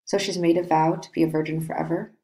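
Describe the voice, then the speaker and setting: A woman's voice: sits low, steady tone, quick pace, dark tone. A woman reading the part of an earnest young man who coaxes and questions his cousin. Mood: coaxing. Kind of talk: reading a play aloud.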